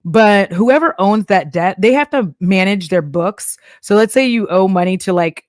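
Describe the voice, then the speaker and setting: A young woman from Texas chats casually on her live stream, breaking into laughter and playful put-on voices. Her pitch sits in an ordinary middle range. The sound is dry and close, with no room echo. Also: moderate pace, darkish tone. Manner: chatty, laughs often, acts out voices of banks and apps. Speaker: streamer reacting to a video.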